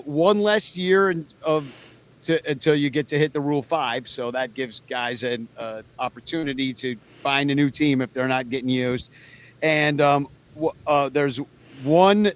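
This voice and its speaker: A man co-hosting a casual baseball podcast, easygoing, laughing often and leading segments. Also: fairly high pitch. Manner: laughing, loose, leads segments. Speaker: podcast co-host. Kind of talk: casual sports chat.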